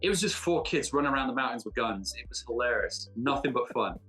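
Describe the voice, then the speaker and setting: A man from Britain, an actor guest in a casual interview, talking in a jokey, self-mocking way with quick asides. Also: medium pitch, expressive, pushed and bright, soft background music.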